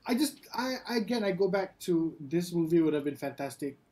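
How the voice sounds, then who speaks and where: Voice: medium pitch, animated, brisk, mellow. A co-host on a film podcast, agreeable and hesitant, often restarting sentences. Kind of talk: casual film discussion.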